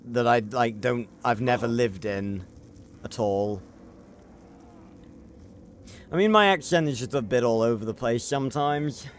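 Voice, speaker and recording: A man's voice: medium pitch, moderate pace, slight background noise. A young British man streaming a game, chatting in a rambling, self-correcting way as he reads the chat. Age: young adult. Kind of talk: casual livestream chat.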